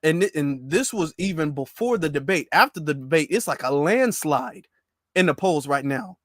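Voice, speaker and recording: A male host giving casual, mocking political commentary in slangy, animated speech. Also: on the high side, normal speed, no room sound, clean studio sound.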